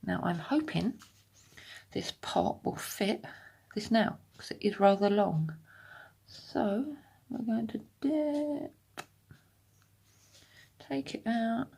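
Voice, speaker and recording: A woman's voice: fairly high pitch, slow pace, creaky, pauses often, warm tone, slightly rough. A woman giving a casual step-by-step nail tutorial from her home desk, chatty and explanatory, sometimes dropping into half-whispers. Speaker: nail art vlogger.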